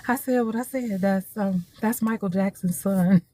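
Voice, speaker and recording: A woman, talking in a casual opinion monologue, animated, laughing often and repeating herself for emphasis. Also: mid-range voice, moderate pace. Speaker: social media host.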